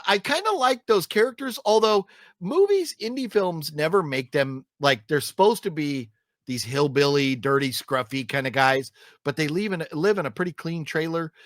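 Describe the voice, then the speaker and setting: Reviewing films in a loose podcast chat, a man with a voice a bit higher than typical for a man rambles through fillers and restarts, griping with emphatic exasperation. His tone is fairly bright, and the recording is close and dry with no room sound.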